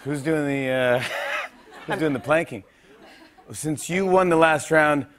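A man hosting a talk show game segment, shouting directions, laughing a lot and a little out of breath. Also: fairly high pitch, takes it slowly. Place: TV studio stage. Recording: studio crowd and room noise.

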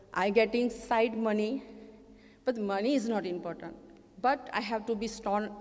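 Indian woman storyteller in a reverberant hall. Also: mid-range voice. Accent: Indian English. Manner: earnest, plain non-native English, voices the people in her story. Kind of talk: personal storytelling at a community show. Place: community event stage.

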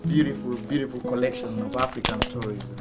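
A man from Kenya hosting a talk show, animated and encouraging with his guest. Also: medium pitch, quick pace, over music.

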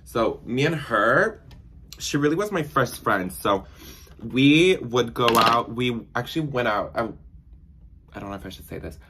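A man's voice: medium pitch, expressive, measured pace, noisy background. A young man chatting casually while doing makeup, rambling through stories with lots of filler words. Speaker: beauty vlogger.

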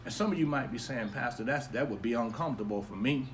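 A man's voice: mid-range voice, fast, slight background noise. Upbeat pastor, man, live stream. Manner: upbeat shout-outs to viewers, then quieter storytelling. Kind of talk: casual live-stream sermon. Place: home backyard.

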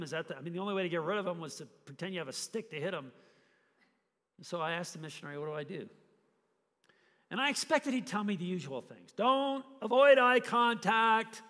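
A man preaching a sermon, telling a story with animated, acted-out scenes. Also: on the high side, in a large hall. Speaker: pastor. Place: church hall.

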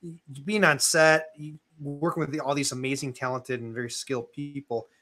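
A man's voice: on the high side, steady tone, moderate pace, sharp tone, faint music behind. A man hosting a casual interview, asking long, rambling questions with many fillers. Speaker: podcast host.

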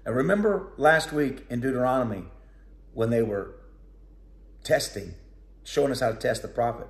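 Male preacher, mid-pitched voice, plainspoken sermon, echoey room. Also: animated, moderate pace, gravelly. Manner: conversational, plainspoken, storytelling.

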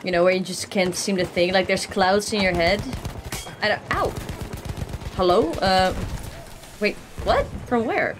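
A young woman with a Dutch accent, chatting casually and reacting excitedly while streaming a game. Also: mid-range voice, measured pace, pauses often, noisy background. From Netherlands. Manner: chatty, excitable, breaks into laughs and yelps. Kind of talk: casual gaming stream chat. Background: game gunfire.

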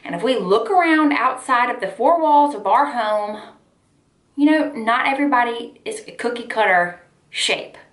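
Young woman, casual confessional vlog, talkative and frank, slightly high voice, roomy sound. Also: expressive, moderate pace, fairly bright tone. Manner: candid and chatty, full of "like" and "y'all". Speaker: lifestyle vlogger. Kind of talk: casual heart-to-heart talk to camera.

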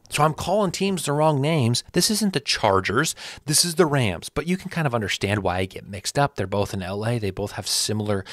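A man with a low voice talks through his picks in a casual solo commentary, correcting himself as he goes and growing animated when he rants. The sound is close and dry. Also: no room sound. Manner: rambling, self-correcting, animated when ranting. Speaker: sports channel host.

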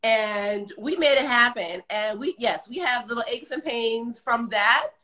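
Bright-voiced woman hosting a livestream. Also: a little high, unhurried. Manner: laughing, emotional, gushing. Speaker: livestream host, former dancer. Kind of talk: casual livestream chat.

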